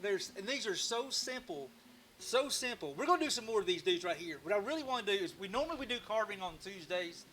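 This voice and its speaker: High, bright-voiced joking man host. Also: animated, fast, a little hiss or hum. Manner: rambling, joking and self-mocking, with frequent restarts. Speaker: live-stream woodcarving host. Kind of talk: casual live-stream chat.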